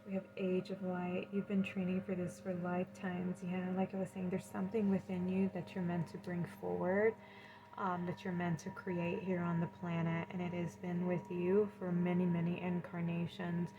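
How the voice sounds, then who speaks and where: A woman reading tarot cards in a gentle, soothing way, often moved and effusive. Her voice sits fairly low and stays even, with little rise and fall. A steady hiss of background noise runs under her speech. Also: normal speed. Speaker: tarot reader. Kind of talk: pick-a-card tarot reading.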